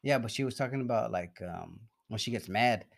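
A young man talks in a loose, profane, rambling way, with frequent fillers and half-finished sentences. His voice sits on the low side of the usual range for a man. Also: brisk, vocal fry. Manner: rambling, profane, laughs often, trails off mid-sentence. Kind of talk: casual chat.

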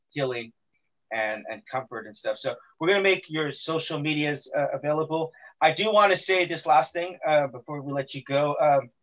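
Man, podcast host, rambling, filler-heavy, slightly high pitch, muffled lo-fi recording. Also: fairly bright tone. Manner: rambling, many fillers and restarts. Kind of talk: casual interview chat.

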